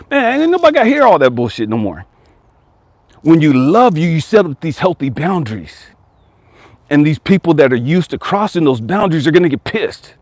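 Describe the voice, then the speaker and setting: A man's voice: fairly high pitch, no room sound. A man coaching viewers in a blunt, profane motivational rant, now and then mimicking whiny complainers. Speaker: life coach.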